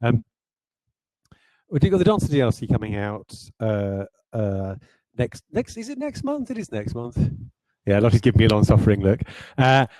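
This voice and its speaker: Rambling mellow-voiced game designer. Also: male voice, mid-range voice, very animated, moderate pace, no echo, poor audio. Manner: rambling, self-deprecating, many fillers and restarts. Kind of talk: livestreamed design talk.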